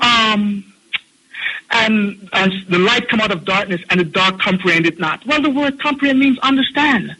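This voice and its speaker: A man's voice: high-pitched, sharp tone, breathy edge, low-quality recording. A man with a Jamaican accent calling in to a talk show, scolding and mocking in a heated rant. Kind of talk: heated ranting monologue.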